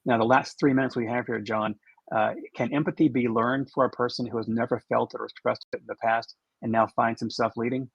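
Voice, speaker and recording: A man's voice: medium pitch, fairly even intonation, brisk, creaky, breathy edge, dry recording, highs cut off. A man moderating a conference talk and running the questions, speaking steadily with frequent restarts and ums. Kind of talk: conference talk over video.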